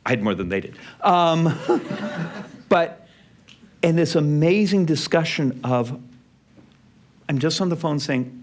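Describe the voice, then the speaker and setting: A middle-aged man giving a speech, telling a personal family story in an anecdotal way and dropping quiet and soft in the emotional parts. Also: fairly high pitch, lively intonation, takes it slowly, long pauses. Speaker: speaker. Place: event venue.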